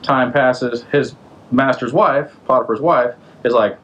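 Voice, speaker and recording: A man's voice: mid-range voice, steady tone, a little slow, fairly bright tone, dull audio. Offhand, slangy male storyteller. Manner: slangy, offhand retelling with rhetorical questions. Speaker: podcast host. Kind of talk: casual storytelling.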